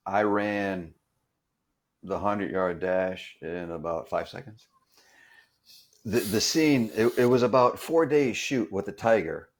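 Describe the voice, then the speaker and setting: A man, a stunt performer appearing as a guest, tells a story in a casual way, often pausing and repeating words as he goes. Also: fairly low pitch. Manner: halting, repeats words while recounting. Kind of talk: casual anecdote telling.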